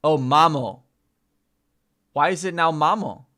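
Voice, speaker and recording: A man's voice: fairly high pitch, measured pace, sharp tone. A man live-streaming as he practises a language, chatting casually, reading the chat aloud and repeating sounds over and over. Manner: reads chat aloud, chatty and self-mocking.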